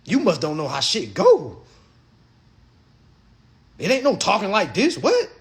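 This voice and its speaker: A man speaking on a phone livestream with an animated, swooping delivery, his pitch climbing and dropping sharply. He swears freely and drives each point home. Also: unhurried. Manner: profane, emphatic, acts out other people's voices. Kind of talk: animated monologue to viewers.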